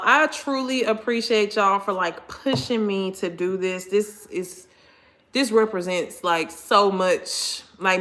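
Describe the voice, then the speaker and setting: An animated, expressive woman, chatting casually with her viewers during a live stream. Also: medium pitch.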